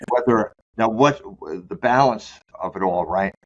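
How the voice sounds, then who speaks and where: A man being interviewed as a sport psychologist, talking candidly and loosely, often restarting his sentences and slowing down to stress key words. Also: fairly low pitch, music in the background. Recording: dull lo-fi sound.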